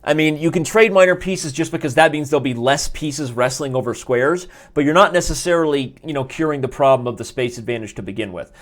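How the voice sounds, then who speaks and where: A man's voice: a little high, a little fast, few pauses. A man reviewing chess games on a live stream, chatty and jokey, rambling with restarts and asides from his desk. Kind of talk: casual live game review. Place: indoors at a desk.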